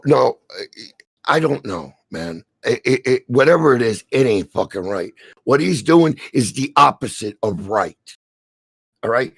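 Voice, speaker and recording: A middle-aged man with a New Jersey accent, delivering a heated, profanity-filled rant on a stream, stammering and shouting as he goes. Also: mid-range voice, creaky, breathy edge, no echo. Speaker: stream co-host. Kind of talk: angry ranting commentary.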